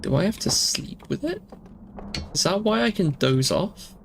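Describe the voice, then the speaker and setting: A man's voice: high-pitched, animated, measured pace, vocal fry, a little hiss or hum. A man playing through a game, thinking aloud and asking question after question in an earnest, emotional way. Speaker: gaming streamer. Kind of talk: let's play commentary.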